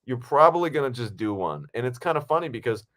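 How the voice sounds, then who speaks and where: A man co-hosting a podcast, telling a story casually in a lively, profane way. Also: medium pitch, fast talker. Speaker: podcast co-host and actor. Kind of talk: casual chat.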